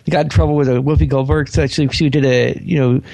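A man's voice: mid-range voice, fairly even intonation, vocal fry, a little mellow, dry recording. A man co-hosting a casual radio show, rambling through his points with many fillers. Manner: rambling, fast, lots of fillers. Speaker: radio co-host. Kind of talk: casual talk radio banter.

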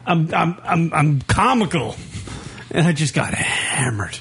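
A man's voice: on the high side, sing-song, unhurried, fairly bright tone, slightly rough. A man, co-hosting a radio show, telling a rambling story and laughing at himself. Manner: laughing, rambling, self-mocking. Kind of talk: casual radio banter.

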